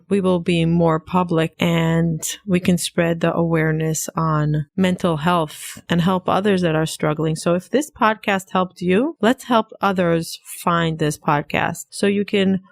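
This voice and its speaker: Thirties woman, solo podcast host, very creaky fry, dry booth sound, earnest and repetitive. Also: lowish voice, no room sound. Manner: earnest, warm-hearted, speaks in repetitions.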